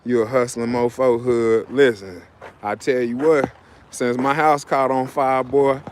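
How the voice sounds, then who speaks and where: A man's voice: medium pitch, fairly even intonation, unhurried, slight background noise. Rambling man chatting on a livestream. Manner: loose, rambling, repeats himself. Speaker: livestream host. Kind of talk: casual livestream chat.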